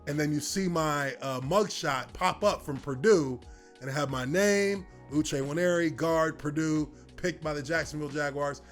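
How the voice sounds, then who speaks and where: A man in his thirties telling a personal story in casual talk, relaxed and rambling with lots of fillers. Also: fairly high pitch, moderate pace, faint music behind. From United States. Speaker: former football player telling his story.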